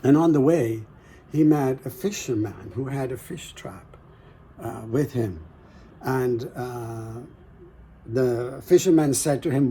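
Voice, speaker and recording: Slow, mellow male storyteller. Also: mid-range voice, breathy edge. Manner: slow, gentle, pausing, drops to hushed asides. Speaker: storyteller, host. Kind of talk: folktale storytelling.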